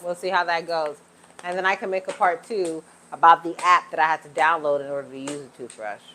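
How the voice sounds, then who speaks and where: A woman's voice: sits low, steady tone, fairly quick, pushed and bright, a little hiss or hum. A woman hosting a casual livestream from home, chatting with viewers and laughing often. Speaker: livestream host.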